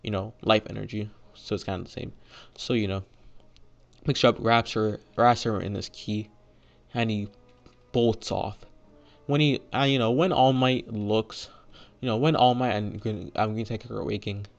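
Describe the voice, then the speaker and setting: A man's voice: lowish voice, fairly even intonation, moderate pace, creaky, highs cut off. A young man casually retelling a fan-made story, rambling with lots of fillers and restarts.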